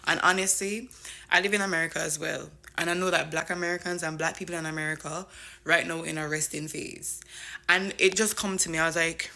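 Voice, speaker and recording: A woman from Jamaica giving casual, animated commentary that turns into emphatic declarations. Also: sits low, a little fast, creaky. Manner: animated, emphatic, mixes chat with passionate declarations.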